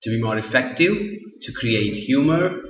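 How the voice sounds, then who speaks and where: A man's voice: medium pitch, animated. Man lecturing in an echoey hall. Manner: repeats words, restarts, explains slowly. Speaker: English teacher. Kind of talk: classroom lecture. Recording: roomy echo, far from the mic, dull lo-fi sound.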